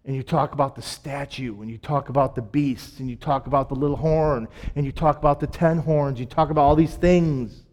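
A man's voice: mid-range voice, brisk, few pauses, a little mellow. A man preaching a sermon in a conversational way, with self-deprecating jokes and emphatic repetition.

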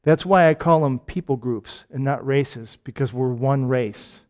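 A man with a Michigan accent preaching a conversational sermon, firing off rhetorical questions and jokes and swinging between loud and quiet. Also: mid-range voice, a little slow. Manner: asks lots of rhetorical questions.

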